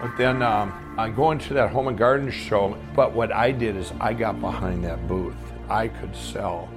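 Gravelly man telling his life story. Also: on the low side, moderate pace, over music. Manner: rambling and candid, acts out dialogue in his stories. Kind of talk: personal storytelling.

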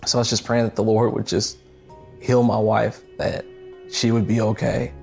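A man recounts his own experience in a plain, earnest testimony. His voice is low and gravelly with fry. Clear music runs beneath him. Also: level tone, moderate pace, darkish tone. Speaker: guest storyteller. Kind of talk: personal testimony.

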